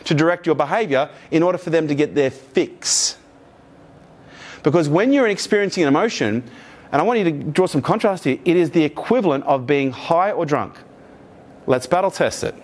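A man giving a live motivational keynote to an audience, swearing freely and acting out quoted voices. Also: fairly high pitch. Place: conference room with live audience.

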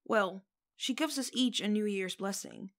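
A woman voicing a calm, earnest coven leader who speaks slowly and solemnly. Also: medium pitch, natural voice. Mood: matter-of-fact. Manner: slow, solemn speech-making.

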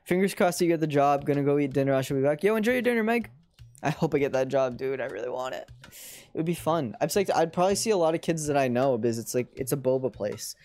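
A young American game streamer talking casually over their play, rambling and laughing often. The voice sits mid-pitch, relaxed and conversational. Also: quick pace. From United States. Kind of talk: casual live-stream commentary.

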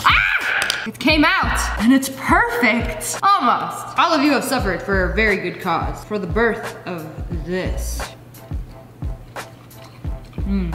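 A woman's voice: mid-range voice, animated, takes it slowly. A woman hosting a casual vlog, talking in a playful, jokey and exclamatory way. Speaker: YouTube host. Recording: echoey room with music behind.

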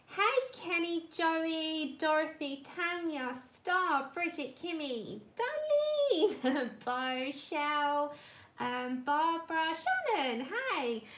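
A woman's voice: sits high, lively intonation, drawn-out words, a bit bright. A woman hosting a live colouring stream, chatting casually and rambling as she greets viewers by name. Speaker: livestream host.

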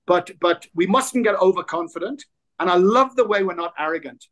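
A man in his sixties, an interview guest telling stories in casual chat, lively and full of restarts. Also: sits high, normal speed. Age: 60s. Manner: animated storyteller, frequent restarts.

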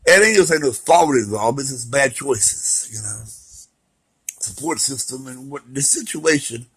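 Husky man, rambling heartfelt talk. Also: medium pitch, lively intonation, moderate pace, fairly bright tone, poor audio. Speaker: vlogger sharing recovery story. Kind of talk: emotional personal monologue.

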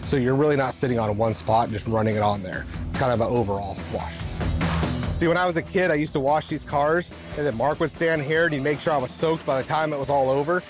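A man's voice: medium pitch, fast talker, over music. A man who paints and details cars at a restoration shop, explaining his work steps in a plain, matter-of-fact way. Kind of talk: reality show interview and work commentary.

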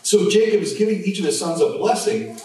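A man's voice: sits high, lively intonation, brisk, darkish tone. A man preaching an expository sermon as pastor, conversational, with frequent restarts and fillers. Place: church sanctuary. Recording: very echoey church hall, mic at a distance, faint noise.

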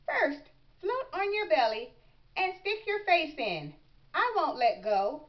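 A woman's voice: sits high, sing-song, slow, exaggerated voice. A woman voicing a patient mother frog who coaxes and encourages her son, as in a storybook reading. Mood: coaxing. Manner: encouraging, coaxing. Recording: slightly muffled recording.

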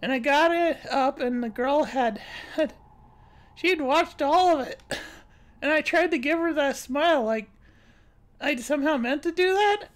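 A woman reading the lines of a blunt, goofy young adult female cat, telling a rambling story in a deadpan way. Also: high-pitched, measured pace, long pauses. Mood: wry.

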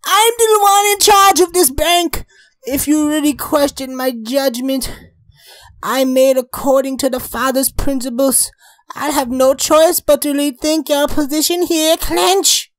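A man's voice: extremely high pitch, fairly even intonation, measured pace, fairly bright tone. A man reading the lines of a stern male vampire bank boss in a cold, reprimanding way, barely changing his own voice.

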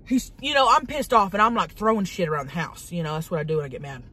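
A woman's voice: on the low side, very animated, fast talker, bright, forceful tone, a little hiss or hum. A woman playing a brash, hot-tempered woman, who rambles profanely and dramatically in a comedic monologue from a parked car. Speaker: vlogger.

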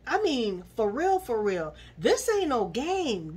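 A woman giving sassy, animated commentary while she recaps a reality TV episode and scolds its cast. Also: a little high, takes it slowly, slightly rough.

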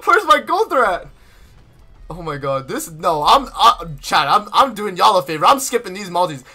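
Lively, bright-voiced young man gaming. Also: high-pitched. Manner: exasperated, repetitive slang, frequent laughter. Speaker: gaming streamer. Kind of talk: casual gacha summon commentary. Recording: faint game music behind. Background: game music.

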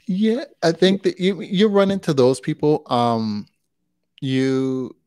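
A man talking casually as a photographer guest in an interview, relaxed and rambling, with lots of fillers and restarts. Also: fairly high pitch, slow pace, no echo, clean studio sound.

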